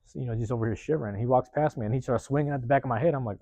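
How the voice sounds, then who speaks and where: A man hosting a podcast, telling a personal story in a rapid, profane, casual way and acting out the lines of the people in it. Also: mid-range voice, no echo. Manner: profane, rapid, animated retelling with acted-out quotes. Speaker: podcast host.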